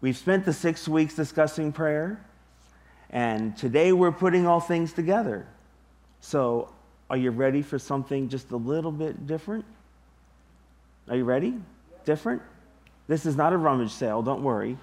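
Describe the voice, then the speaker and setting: A man preaching a sermon to his congregation, deliberate and emphatic, with long pauses. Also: on the high side, animated, darkish tone. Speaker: pastor.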